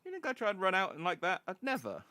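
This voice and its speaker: A sarcastic young woman journalist snaps back at everyone, read by a man in near his own voice. The tone is bright and the pitch swings with irritation. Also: huge pitch swings, quick pace, dry recording, heavily acted. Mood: irritated.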